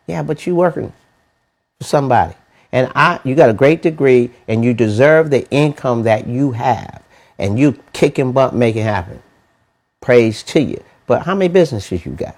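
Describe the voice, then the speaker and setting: A man giving a motivational money talk, animated and preachy, with lots of rhetorical questions and slangy, casual phrasing. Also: medium pitch, moderate pace. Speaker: money mentor.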